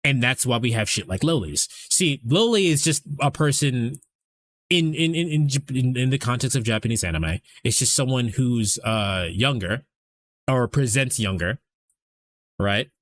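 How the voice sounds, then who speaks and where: A man's voice: mid-range voice, animated, normal speed, fairly bright tone. Rambling young man chatting on stream. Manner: rambling, swears freely, many fillers and restarts. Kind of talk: casual stream chat.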